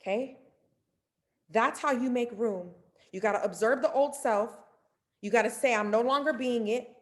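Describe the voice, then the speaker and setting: Animated woman mentor, slightly high voice. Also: normal speed. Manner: animated and playful, acting out inner dialogue; casual, direct, addresses listeners. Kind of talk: motivational mentorship talk.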